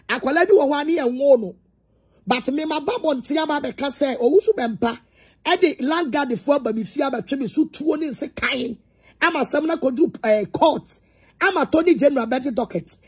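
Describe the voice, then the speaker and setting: A woman's voice: sits high, darkish tone. A woman preacher with a Ghanaian accent gives a heated, confrontational address. She talks emphatically and repeats her points.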